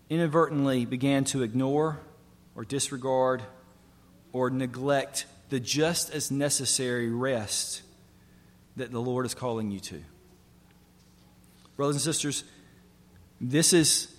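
A man preaching a sermon to his congregation, earnest and emphatic, building through repeated phrases. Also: mid-range voice. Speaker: pastor. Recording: long hall reverb.

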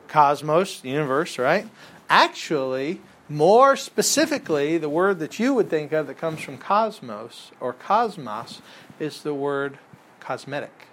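A man's voice: fairly high pitch, fairly bright tone. A man teaching a Bible class in a casual lecture, talking conversationally and quizzing the class with questions.

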